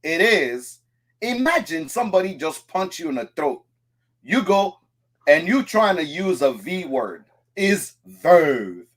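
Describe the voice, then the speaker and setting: A man from France hosting a casual talk show, telling stories and correcting pronunciation with animated energy. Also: a little high, slow pace. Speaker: podcast host. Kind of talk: casual chat.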